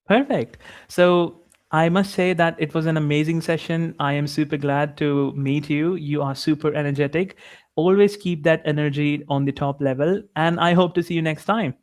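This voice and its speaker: Encouraging young Indian English tutor. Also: male voice, fairly high pitch, fairly even intonation, normal speed. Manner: encouraging, upbeat, many "like" fillers. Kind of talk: one-on-one online lesson.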